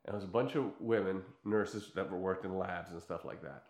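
A middle-aged man whose first language is Croatian, telling stories in a rambling, animated way with many fillers. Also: sits low, fairly quick. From United States and former Yugoslavia. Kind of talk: casual chat. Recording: roomy echo.

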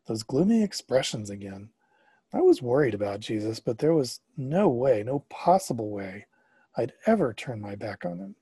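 Man, first-person storybook narration, expressive, dark mellow voice, a bit husky. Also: mid-range voice, moderate pace, no echo. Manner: expressive, rising to excited questions.

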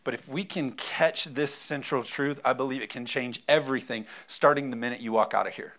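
A man's voice: mid-range voice, fairly quick, a bit bright. A man preaching a sermon in a conversational way, acting out little asides and reading scripture aloud. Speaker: pastor.

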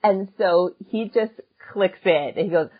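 A woman co-hosting a podcast, telling a funny story in casual chat, animated and laughing often. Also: on the low side, measured pace, phone-quality sound. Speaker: podcast co-host and musician.

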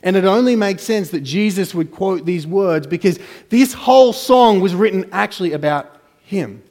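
A man's voice: animated, moderate pace. Preaching man in an echoing hall. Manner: dramatic swings between soft, low asides and raised emphatic lines. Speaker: pastor. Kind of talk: sermon. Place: church hall. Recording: church hall with long reverb.

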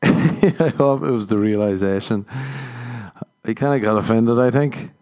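A man's voice: on the low side, a little slow, darkish tone, smooth. A man telling stories as a comedian and podcast host in a casual monologue. He swears freely, laughs at his own jokes and acts out other people's voices.

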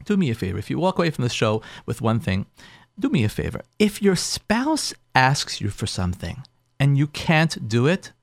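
Animated rabbi host with a lively voice. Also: male voice, medium pitch, moderate pace, vocal fry, dry recording. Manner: emphatic, repeats phrases, acts out what spouses say. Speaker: rabbi and show host giving marriage advice. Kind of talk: advice talk to listeners.

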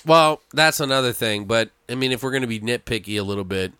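Bright, crisp-voiced man chatting. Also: medium pitch, fast talker, no room sound. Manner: swears a lot, animated. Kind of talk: casual chat, film review.

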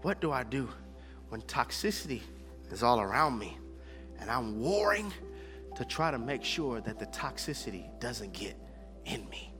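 A man's voice: medium pitch, big pitch swings, measured pace, pauses often, fairly bright tone, big-room sound, faint music behind. A man preaching a sermon as pastor, driving his points home with repetition and call-and-response.

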